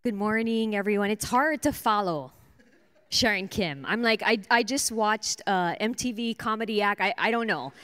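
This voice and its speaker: A woman's voice: medium pitch, normal speed, a bit bright, smooth. A woman speaking at a church service before handing over to her husband, lighthearted and joking. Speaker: church member giving a testimony.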